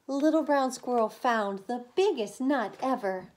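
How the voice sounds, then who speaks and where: A woman preschool teacher reading a picture book aloud to young children, slow and expressive, with lifts in pitch on some lines.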